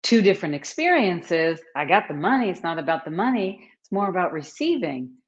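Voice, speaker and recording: A woman hosting a casual live stream, chatting warmly and greeting viewers by name as she talks. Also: lowish voice, very animated, brisk. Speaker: host, author and coach. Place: at home, book behind her. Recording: slightly dull, lo-fi sound.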